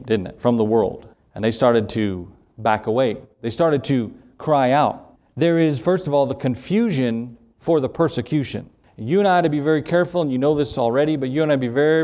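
A man's voice: mid-range voice, a little mellow. Man preaching with fervent emphasis. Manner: preaching with rising emphasis and acted-out quotes. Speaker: pastor. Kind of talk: sermon.

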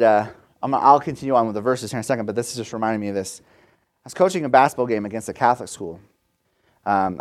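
A man in his thirties preaching a sermon, telling stories in a conversational way and retelling scripture in casual slang. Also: lowish voice. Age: 30s.

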